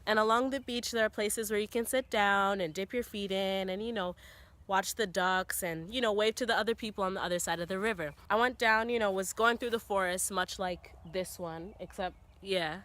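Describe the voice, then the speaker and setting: Recorded on a tripod camera in a forest, this young vlogger from Canada speaks at normal speed in a medium pitch. She tells her story casually, peppering it with "like" and "you know," her voice climbing as things build.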